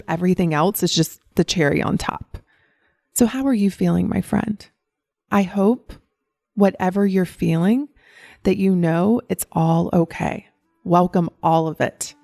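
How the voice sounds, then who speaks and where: A woman's voice: medium pitch, vocal fry, dark tone, no room sound, studio quality. A woman with a Southern US accent hosting a solo podcast, upbeat and encouraging, with a giggly laugh. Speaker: podcast host.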